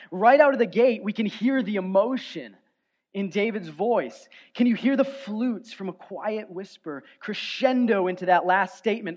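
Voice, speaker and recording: A man preaching a sermon as pastor, earnest, moving from soft, low passages to loud, emphatic ones. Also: moderate pace. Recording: dull lo-fi sound.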